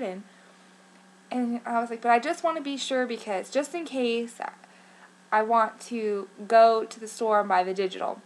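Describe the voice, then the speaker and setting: A young woman vlogging, telling a story in an excitable, chatty way with lots of fillers and acted-out quotes. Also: fairly high pitch, moderate pace. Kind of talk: casual vlog storytelling.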